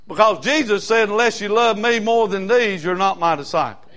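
High-voiced preacher man. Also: moderate pace. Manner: fervent, folksy preaching that swings from quiet asides to loud hollering. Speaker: pastor. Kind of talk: sermon.

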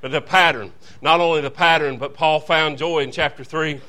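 Fervent preacher man, bright voice. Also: on the high side, steady tone, normal speed. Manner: fervent, folksy, calls to the congregation. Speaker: visiting preacher. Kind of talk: revival sermon.

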